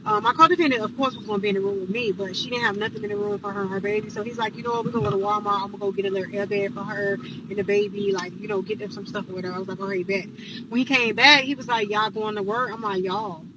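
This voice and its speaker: A woman's voice: medium pitch, fairly even intonation, rapid-fire, noisy background. A woman telling a casual storytime, blunt and profane, acting out the dialogue.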